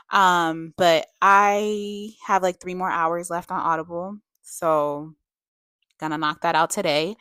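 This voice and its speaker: With a lowish, fairly bright voice, a young adult woman reviews books in a chatty vlog, leaning on fillers like "like" and "you know" and bursting into emphatic rants. The recording is clean studio audio without echo.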